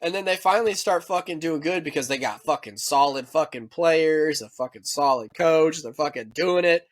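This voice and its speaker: Profane ranting American man, higher voice. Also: moderate pace. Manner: profane, animated ranting with mock quoted voices. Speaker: podcast co-host. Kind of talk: casual chat.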